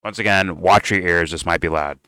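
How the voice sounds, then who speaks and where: Male commentator, profane and heated; low, clean, dry close sound. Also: fairly quick, pushed and bright, no room sound, poor audio. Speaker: political commentator. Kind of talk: casual reaction commentary.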